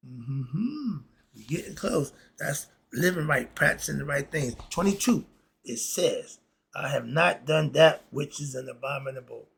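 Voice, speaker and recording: Gravelly man, laid-back and chuckling. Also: a little high, expressive, unhurried, fairly bright tone. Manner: laid-back, chuckling, loose slangy asides. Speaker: host. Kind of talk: casual commentary reading principles aloud.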